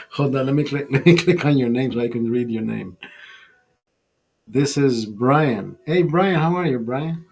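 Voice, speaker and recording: A man's voice: medium pitch, lively intonation, unhurried, creaky, darkish tone, husky. A man hosting a live stream, chatting casually over a beer, rambling and swearing, laughing at his own jokes. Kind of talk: casual chat over beers.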